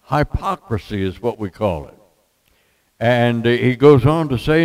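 Older male pastor, unhurried folksy sermon delivery with jokes and scripture. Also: mid-range voice, rough recording.

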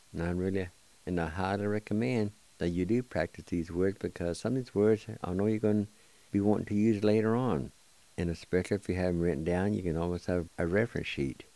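A man's voice: low-pitched, a little fast, dark tone, dry recording. A man hosting a radio language lesson, patiently spelling and sounding out words one syllable at a time. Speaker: radio host teaching a language.

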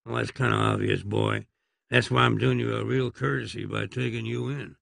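A man doing a slow-drawling frontier marshal. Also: mid-range voice, gravelly, a bit bright, no room sound. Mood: menacing drawl. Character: stern older male frontier marshal, dry humour.

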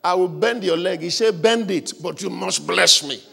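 A male preacher delivering a fervent revival sermon, shouting repeated calls for the congregation to pray aloud. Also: sits high, moderate pace, vocal fry, husky. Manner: fervent, repetitive exhortation.

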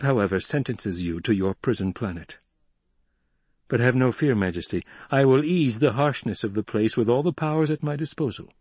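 A man voicing a young male ruler who gives cold, measured commands, slightly husky. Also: medium pitch, darkish tone, dry recording.

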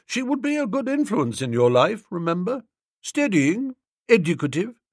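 A man voicing a glib, teasing young English friend in an audiobook, with a dry, mocking manner and a husky voice. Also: high-pitched, big pitch swings, moderate pace, no echo, pitched above the performer's own voice. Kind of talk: audiobook character reading.

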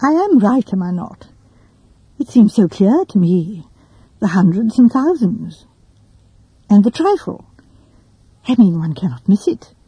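A woman voicing a gentle, fussy old spinster who rambles softly. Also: mid-range voice, big pitch swings, unhurried, pauses often, slightly rough, no room sound, heavily acted, rough recording. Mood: musing. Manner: rambling, soft and quiet.

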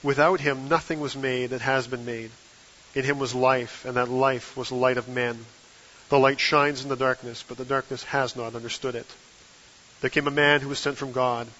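A man preaching a sermon from the pulpit, with a measured delivery and emphatic stresses on key phrases. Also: mid-range voice, fairly even intonation, sharp tone, dull audio. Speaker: guest preacher.

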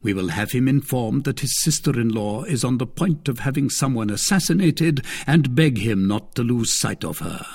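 A man's voice: medium pitch, lively intonation, moderate pace, hardly any pauses, a little mellow, breathy edge. A man voicing a dry-witted, weary male musketeer in a storybook reading, speaking wryly and with command.

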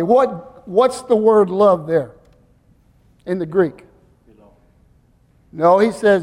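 An older man preaches with a high-pitched voice that rings through a long-reverb church hall. He quizzes the congregation and fills in the answers himself. His delivery swings from forceful emphasis to quiet, intimate asides. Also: drawn-out words, long pauses. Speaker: pastor. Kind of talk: sermon.

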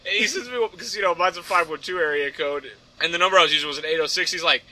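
A young man with a high, very bright voice tells a rambling story on a casual podcast. He slips into acted-out lines of text messages and keeps breaking into laughter. His talk is loose and full of fillers. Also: racing, hardly any pauses, no echo. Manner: rambling, laughs often, acts out text exchanges. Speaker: podcast co-host.

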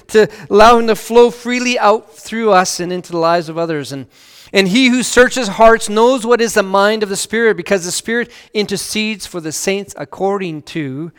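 A man preaching a sermon as pastor, earnest, swelling louder on key phrases and dropping to a hush on scripture. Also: high voice, smooth, big-room sound.

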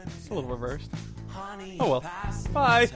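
A man's voice: a little high, animated, normal speed, over loud music. A man co-hosting a podcast in casual chat, rambling with hesitations. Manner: rambling, hesitant, lots of fillers and restarts. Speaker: podcast co-host.

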